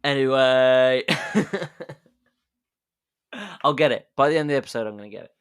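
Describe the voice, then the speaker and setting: This man hosts a podcast where he races through history like a casual yarn, cracking jokes and laughing at them himself. His voice is medium-pitched, smooth, and fairly bright.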